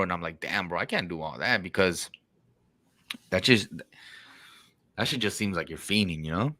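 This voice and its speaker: A man's voice: low voice, moderate pace, pauses often, pushed and bright, dry recording. A man hosting a podcast in casual chat, telling stories in slang and swearing, and acting out quotes. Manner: slangy, profane storytelling with acted-out quotes. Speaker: podcast host.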